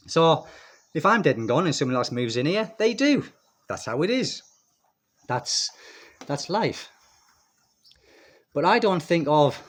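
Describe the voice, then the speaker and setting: A man's voice: fairly high pitch, very animated, measured pace, pauses often. A middle-aged man talking casually to camera in his garden, rambling and chatty, speaking to viewers as people. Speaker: expat vlogger. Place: outdoors in a home garden.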